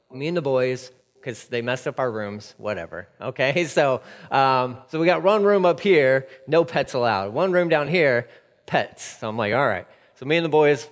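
A man delivers a sermon in a frank, chatty storytelling manner. His voice sits a little higher than most men's. Long reverb of a church hall trails behind each phrase. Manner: candid and conversational, storytelling with asides. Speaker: pastor.

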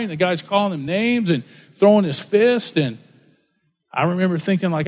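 A man's voice: high-pitched, animated, fairly quick. A man preaching a sermon, conversational and full of rhetorical questions and everyday stories. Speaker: pastor. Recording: long hall reverb.

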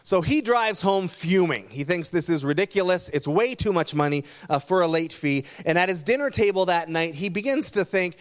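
Pastor guy preaching, telling stories, kinda high voice. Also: lively intonation, moderate pace, hardly any pauses. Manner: storytelling, earnest. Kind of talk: sermon.

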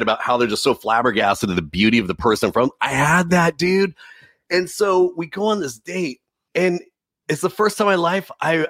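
As a podcast guest, a man with a mid-range, fairly bright voice gives an earnest, emotional testimony of his faith, often saying "dude." He's a preacher, recorded dry with studio quality.

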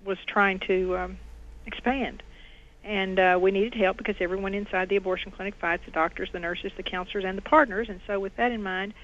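A middle-aged woman, a former clinic owner, guests on an interview show and earnestly tells a personal story, raising her voice when she quotes others. Her voice is medium in pitch with a fairly bright tone, and the audio is dull and lo-fi with faint noise.

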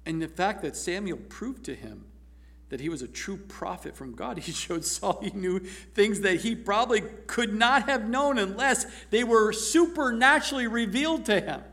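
High-voiced animated man preaching. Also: moderate pace. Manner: animated, laughing, acting out scripture voices. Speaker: pastor. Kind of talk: sermon.

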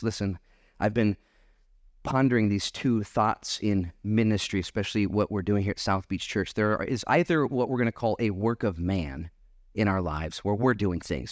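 A man preaching a sermon at his church, animated and acting out bits of dialogue. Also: fairly low pitch, normal speed, dry recording, studio quality. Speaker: pastor.

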